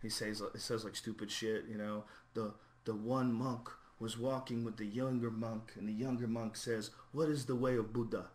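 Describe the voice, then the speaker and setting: A man hosting a podcast, chatting casually, telling stories with lots of swearing and quick mimicry. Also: on the low side. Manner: animated storyteller, swears freely, mimics people. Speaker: podcast host.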